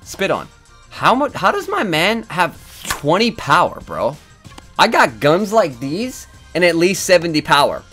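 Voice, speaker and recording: A man giving excited live commentary on his own video game match, swinging from low muttering to loud yelling and swearing often. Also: measured pace, soft background music. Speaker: gaming YouTuber.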